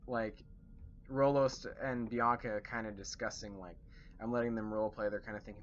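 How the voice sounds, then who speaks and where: A man's voice: fairly low pitch, fairly even intonation, normal speed. A man recapping a tabletop game session as dungeon master, rambling with many fillers. The recording is dull and lo-fi. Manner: rambling, lots of fillers and restarts. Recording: dull lo-fi recording with faint hiss.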